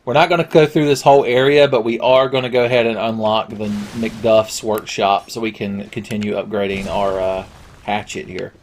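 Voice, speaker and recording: A man giving casual, crude, joking commentary over a video game and yelling at it at times. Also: lowish voice, steady tone, normal speed, slight background noise. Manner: crude, jokey, yells at the game. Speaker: Let's Play commentator.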